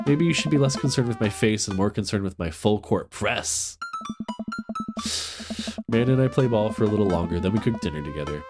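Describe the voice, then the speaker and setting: A man streaming a dating game, reading its lines aloud and joking about it. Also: fairly low pitch. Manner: joking, reads dialogue in playful voices.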